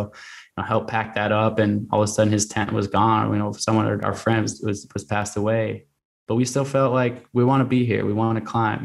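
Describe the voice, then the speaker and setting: A man in his thirties, a guest on a podcast, telling a long story in an earnest, rambling way full of restarts and "like" and "man". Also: on the low side.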